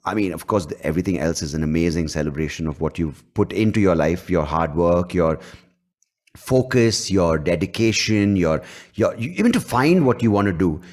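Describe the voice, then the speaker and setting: A man's voice: deep voice, animated, normal speed, darkish tone. A man hosting a podcast, talking bluntly and animatedly, swearing freely. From India. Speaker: podcast host. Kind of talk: casual interview chat.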